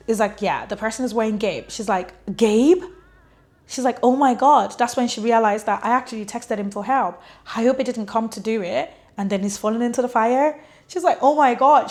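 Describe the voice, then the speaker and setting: A woman giving a casual spoken summary of a novel, chatty, with lots of "like" and small laughs as she retells the story. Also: medium pitch. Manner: chatty, fills speech with "like", laughs while retelling. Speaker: book reviewer.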